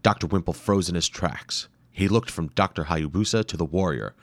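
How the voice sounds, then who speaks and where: A man's voice: low-pitched, a little fast, few pauses, no room sound, clean studio sound. A man narrating an adventure story dramatically, acting out the sound effects himself.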